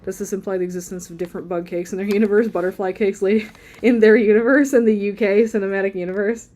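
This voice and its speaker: A woman's voice: mid-range voice, steady tone, fast talker, dark tone. A woman streaming live as she draws, chatting casually in a rambling, playful way and laughing often. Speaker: livestream artist. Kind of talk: casual chat while drawing.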